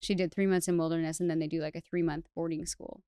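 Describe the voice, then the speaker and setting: A woman's voice: sits low, level tone, fast, warm tone, clear, resonant tone, dry recording, studio quality. A woman guest on a podcast, telling her personal story candidly in a chatty way, with lots of "like" fillers and restarts. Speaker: podcast guest, hairstylist educator.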